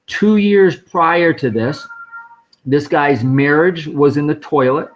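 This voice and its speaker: A man with a fairly high voice takes his time as he tells a personal story. He's a guest speaker at a fundraising live stream, keeping things conversational and vivid by quoting the people in his tale.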